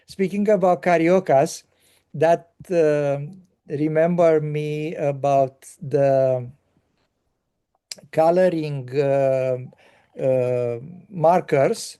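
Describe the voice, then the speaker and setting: An older man from Romania, recounting a tour in casual conversation, halting with many fillers and restarts. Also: fairly high pitch, warm tone, clear, resonant tone.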